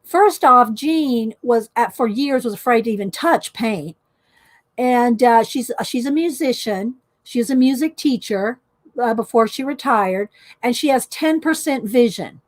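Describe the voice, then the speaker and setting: A chatty woman with a slightly high voice talks casually from home and reads stories aloud with lively expression. She laughs often as she goes. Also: a little slow. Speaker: art journaling video host. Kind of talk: casual chat, reading aloud.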